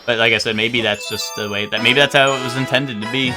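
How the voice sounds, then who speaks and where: A young man from New Jersey streams a video game, chatting casually over the game music. His mid-range voice is steady and fast, and he rambles with lots of fillers and restarts.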